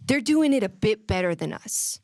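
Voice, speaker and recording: Woman, podcast co-host, deadpan comedy, dry close sound. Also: medium pitch, moderate pace, no echo. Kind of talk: deadpan comedic sketch chat.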